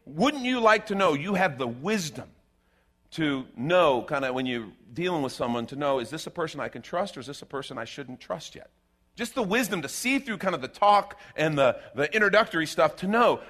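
Animated preacher man, wide-swinging voice. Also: a little high. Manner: animated and rhetorical, with sarcastic asides. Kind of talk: sermon.

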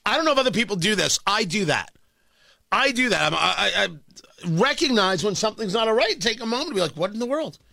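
A middle-aged man from the New York and New Jersey area, a radio host telling a self-mocking story in an animated way. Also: high voice, fast, creaky, no echo, clean studio sound. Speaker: radio talk show host. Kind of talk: radio monologue.

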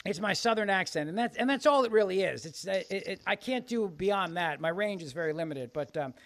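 A man's voice: high-pitched, animated, fairly quick, no room sound. A man hosting a radio talk show in a sarcastic, joking manner. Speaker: radio host.

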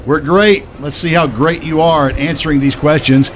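A man in his sixties hosting a radio morning show, with playful, animated banter. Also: on the high side, normal speed, a little hiss or hum.

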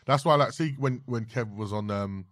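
A man, a podcast guest talking in lively street slang. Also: medium pitch, no echo, studio quality. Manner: animated, heavy slang, quick interjections. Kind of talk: casual chat.

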